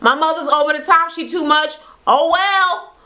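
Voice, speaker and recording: A woman giving a casual reality TV recap, blunt and profane, with slangy, animated commentary. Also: sits high, normal speed. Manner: animated retelling, acts out quotes; slangy, conversational.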